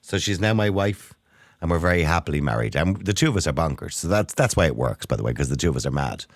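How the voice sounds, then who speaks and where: Irish guy on the radio, middle-aged, real deep voice, fast and bouncy, dry studio sound. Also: dry recording. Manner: animated, chatty, laughs often. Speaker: radio show host. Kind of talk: casual radio chat.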